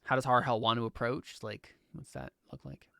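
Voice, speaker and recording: Halting man running a tabletop game. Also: medium pitch, fairly even intonation, creaky, pushed and bright, dry recording, studio quality. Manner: casual, halting with restarts and fillers. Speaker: game master.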